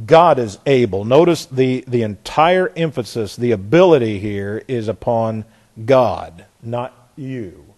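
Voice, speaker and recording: A man preaching an expository sermon, hammering home key phrases by repeating them and dropping into quiet asides. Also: medium pitch, takes it slowly.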